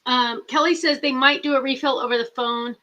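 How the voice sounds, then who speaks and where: Chatty middle-aged woman host, bright voice, rambling live-chat delivery. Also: high voice, steady tone, fairly quick, highs cut off. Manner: chatty, rambling, reads viewer comments aloud.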